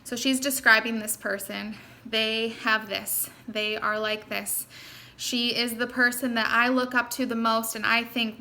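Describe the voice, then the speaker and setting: A woman's voice: a little high, level tone, a little slow, sharp tone. A young woman giving an earnest, encouraging motivational talk to her sales team, speaking straight to her listeners. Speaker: network marketing team leader.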